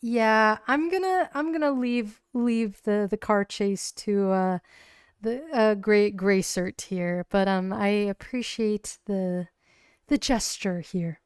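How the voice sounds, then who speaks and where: Brief: woman plays a celebrity young woman, light, smooth, politely dismissive. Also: mid-range voice, takes it slowly, dry recording, clean studio sound, natural voice. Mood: polite brush-off. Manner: airy, hesitant brush-off. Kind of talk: solo tabletop game role-play.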